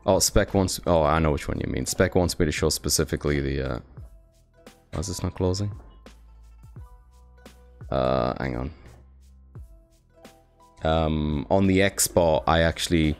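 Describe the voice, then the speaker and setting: A man's voice: very deep voice, a little slow, long pauses, faint music behind. A young British man chatting casually on his live stream, thanking viewers and swearing now and then. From Britain. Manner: chatty, swears, reads chat aloud.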